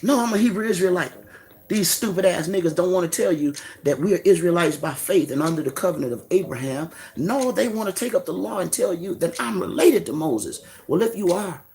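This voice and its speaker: Man, gravelly voice, pitch swinging wide; fiery street preacher who taunts and jabs, faint music under him. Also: warm tone. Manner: fiery, mocking, street slang, rhetorical questions. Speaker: religious commentator. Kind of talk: profane preaching rant.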